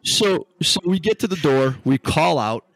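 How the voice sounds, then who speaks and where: A male podcast co-host, a former police canine handler, telling a story in a relaxed, unhurried way in casual chat. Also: a little high, no echo.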